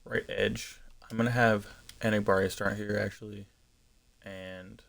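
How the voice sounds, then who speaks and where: A man's voice: fairly low pitch, level tone, measured pace, vocal fry, a bit bright. A man streaming a football video game, chatting casually as he thinks aloud, with frequent ums and self-corrections. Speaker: gaming streamer. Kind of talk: casual live-stream commentary.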